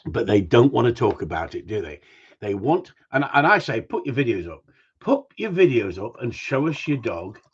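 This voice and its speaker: A man's voice: medium pitch, sing-song, moderate pace, husky, lo-fi sound. A man who trains gundogs, chatting on a casual livestream in a blunt, ranting way with mild swearing.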